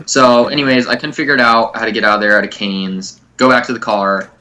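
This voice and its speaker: A man's voice: mid-range voice, fast, few pauses, pushed and bright. A young man co-hosting a comedy podcast, rambling through a crude dating story with a lot of swearing. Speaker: podcast co-host.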